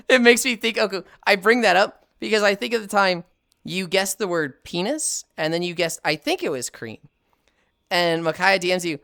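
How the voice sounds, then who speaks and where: A woman streamer chatting casually while she plays, animated and swearing freely, laughing often. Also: lowish voice, fast, clean tone, dry recording, clean studio sound. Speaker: live streamer. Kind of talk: casual chat while gaming.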